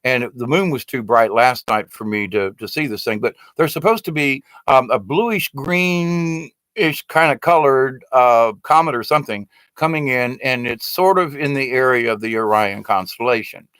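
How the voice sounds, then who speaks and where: Older american guy rambling on, gets all worked up and exasperated, mid-pitch voice, dry close sound. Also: lively intonation, normal speed, a bit bright, clean tone, no room sound. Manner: rambling, grows indignant and exasperated. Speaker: video blogger. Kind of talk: rambling casual monologue.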